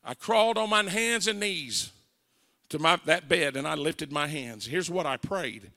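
Gravelly Southern evangelist in a big hall. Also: male voice, on the high side, animated, measured pace, pushed and bright. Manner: dramatic storytelling, acting out quoted voices. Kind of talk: testimony sermon. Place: church sanctuary. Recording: reverberant church hall.

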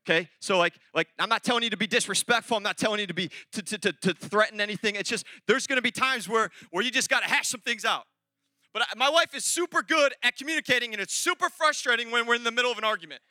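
A pastor preaching a lively, rambling sermon full of restarts and asides. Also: male voice, very high-pitched, quick pace, dry recording. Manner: animated, rambling, with many restarts and laughs.

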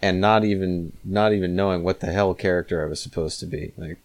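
Co-host, lower-voiced man, blunt and salty, casual. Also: fairly even intonation, a little fast. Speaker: podcast co-host. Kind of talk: casual chat.

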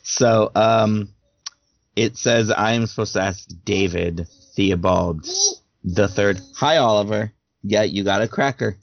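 A man's voice: fairly low pitch, slow, vocal fry, background noise. A man hosting a casual podcast chat, rambling with lots of fillers and laughing often. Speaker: podcast host asking questions. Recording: dull lo-fi, dry sound.

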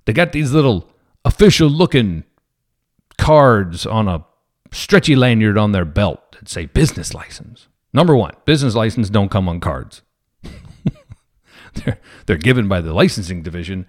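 A man's voice: fairly low pitch, normal speed. A man who is a police officer, telling a story to viewers in a casual way and acting out the people in it. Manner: animated, acts out quoted people.

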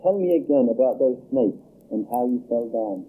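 A calm little girl who presses a frightened man to face his fear, as a male reader puts her on. She speaks firmly and keeps up insistent questions, in a husky voice. The sound is thin, like a phone line. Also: medium pitch, moderate pace. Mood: stern. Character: small girl, calm and firm healer.

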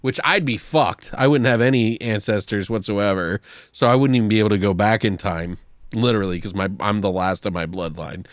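A man's voice: on the low side, a little fast, no room sound, clean studio sound. A man co-hosting a casual movie review podcast, swearing freely, laughing often and acting out scenes. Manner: animated, swearing, laughs a lot, acts out lines from the movies. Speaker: podcast co-host.

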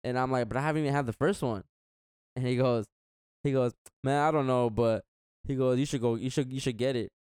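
A young man rambles through a story in a casual chat, slipping in slang and acting out each back-and-forth. His voice sounds smooth and clear at a middle pitch. The sound is close and dry. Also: fairly even intonation, brisk, darkish tone, no echo. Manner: rambling, slangy, acts out quotes.

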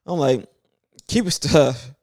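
A man's voice: a little high, animated, slow, darkish tone, no echo, clean studio sound. A man from Brooklyn with a strong New York accent, telling stories in loose, slangy casual chat.

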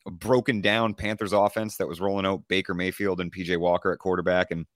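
Low-voiced canadian guy on a sports podcast, relaxed, rattling off stats, dry close mic. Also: quick pace, no room sound. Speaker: podcast co-host. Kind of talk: casual fantasy football talk.

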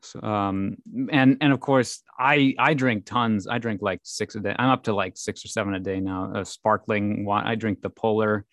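A man with a deep voice and a light Minnesotan accent, chatting on a podcast. His sound is dry and close, and he often stops with ums and restarts his sentences. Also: steady tone, moderate pace, hardly any pauses, fairly bright tone, no room sound. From Minnesota, USA. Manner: hesitant, many ums and restarts. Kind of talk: casual chat.

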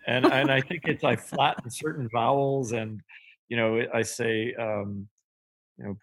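Gravelly, husky Canadian man. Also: medium pitch. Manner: measured, thoughtful, with frequent fillers. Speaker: podcast guest, company CEO. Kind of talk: podcast interview.

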